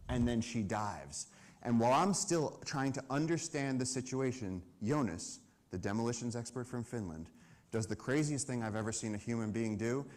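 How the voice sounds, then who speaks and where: A man telling an animated story at a live conservation event, acting out the lines of the people in it. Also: mid-range voice. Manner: lively storyteller, acts out dialogue and shouts. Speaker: conservation speaker.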